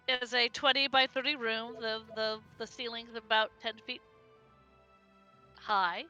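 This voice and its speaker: Woman game master, bright and somewhat high, halting delivery, dry lo-fi sound. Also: fairly even intonation, soft background music. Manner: halting, repeats words. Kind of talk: narrating a tabletop game. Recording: dry, dull lo-fi mic.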